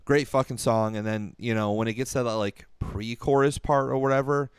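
A man's voice: medium pitch, fairly even intonation, moderate pace, clean tone, no room sound, studio quality. A young man on a podcast, chatting enthusiastically and filling his talk with "like". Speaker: podcast co-host. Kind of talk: casual chat.

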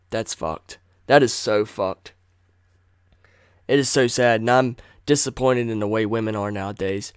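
A man's voice: fairly low pitch, unhurried, clear, resonant tone, no echo, clean studio sound. A man hosting a solo podcast, ranting in an angry, blunt and profane way. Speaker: podcast host.

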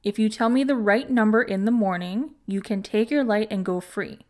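A fierce old witch speaks slowly with menace in a storybook folk tale. A woman narrator puts her on with little change to her own voice. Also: mid-range voice, lightly acted. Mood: menacing.

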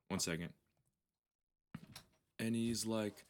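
A man's voice: fairly low pitch, fairly even intonation, slow, long pauses, a bit bright. A man hosting a podcast, telling long rambling stories in casual, heavily profane chat. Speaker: podcast host.

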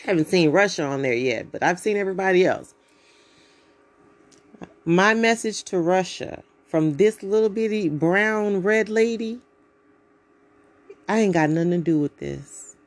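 A woman's voice: fairly low pitch, unhurried, pauses often. Outspoken, profane woman podcast host. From United States. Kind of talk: blunt solo podcast monologue.

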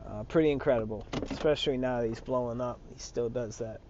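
A man talks through a casual solo podcast in a slangy, profane, meandering way, his voice mellow and dark. The audio is dull and lo-fi, with a faint vehicle rumble under it. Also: fast talker. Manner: slangy, profane, loose and rambling. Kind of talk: casual rambling monologue.

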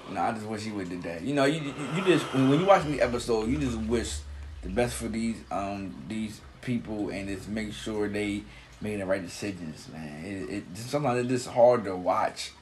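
A man co-hosting a casual TV recap chat, talking in a halting, laid-back way with slang and repeated words. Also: fairly low pitch, animated, a little hiss or hum. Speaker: podcast co-host.

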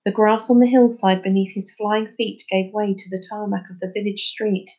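A woman reading a children's novel aloud in a steady, expressive narrating voice. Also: medium pitch, normal speed, muffled recording. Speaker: storybook reader.

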